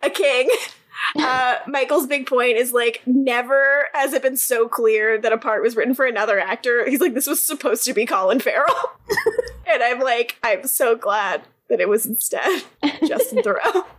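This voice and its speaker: A woman's voice: a little high, normal speed, fairly bright tone. A woman co-hosting a podcast, chatting casually and laughing often as she acts out characters' lines. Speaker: podcast co-host. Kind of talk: casual chat recapping a TV episode.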